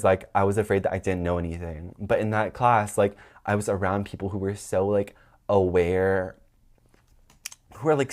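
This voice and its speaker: A young man hosting his own podcast, telling a story in a rambling, animated way, full of "like" and swearing. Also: fairly low pitch. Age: young adult. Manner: acts out quoted people in a raised voice. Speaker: podcast host. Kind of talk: casual storytelling monologue.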